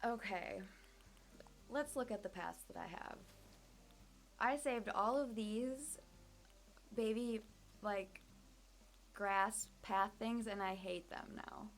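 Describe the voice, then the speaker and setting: A woman's voice: medium pitch, slow pace, pauses often. Young woman, casual game commentary, chatty, lots of ums, faint music behind. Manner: chatty, self-deprecating, many fillers. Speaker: streamer. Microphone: desk microphone.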